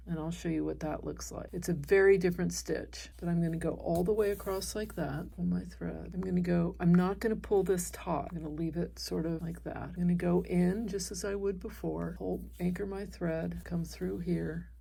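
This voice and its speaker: A woman teaching an embroidery stitch step by step, talking calmly as she works by hand. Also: on the low side, gravelly, husky. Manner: calm, explains while stitching by hand. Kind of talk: step-by-step craft tutorial.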